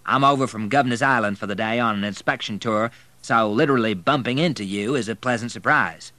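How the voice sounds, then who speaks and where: A man reading aloud, voicing an energetic, commanding male American army general in a raised voice. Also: fairly low pitch, brisk, no echo.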